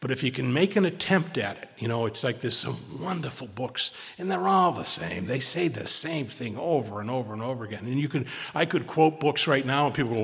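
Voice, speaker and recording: A man shares at a recovery meeting, rambling and restarting his sentences and repeating words as he goes. His voice sits at an ordinary middle pitch, and it rings with a long reverb from the hall he speaks in. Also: lively intonation, a little fast, creaky, few pauses, a bit bright. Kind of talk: informal talk at a recovery meeting.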